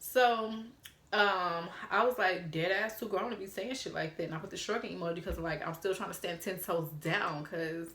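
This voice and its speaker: A woman in her twenties telling a story to camera, animated and profane, laughing as she acts out old text messages. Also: on the low side, normal speed, echoey room. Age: 20s. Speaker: storytime vlogger.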